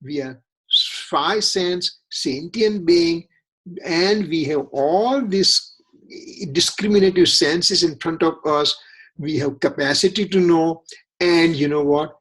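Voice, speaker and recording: A man's voice: on the high side, takes it slowly, a bit bright. A man leading a religious scripture study class, earnest and repetitive, often asking rhetorical questions.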